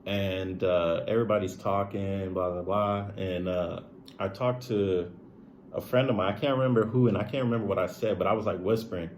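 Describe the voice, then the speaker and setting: A young man with a lowish voice talks straight to his audience, candid and confiding. His story rambles, padded with "like" and checking in with "right?". It is loose, unscripted vlog storytelling. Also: fairly even intonation, moderate pace, slight background noise. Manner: rambling, heavy use of "like" and "right?". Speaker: streamer and video creator. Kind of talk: casual personal storytelling to camera.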